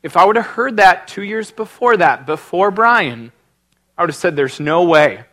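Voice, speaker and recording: Middle-aged male pastor, bright forceful voice, earnest and emotional storyteller. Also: sits high, expressive, normal speed. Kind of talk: sermon with personal story and prayer.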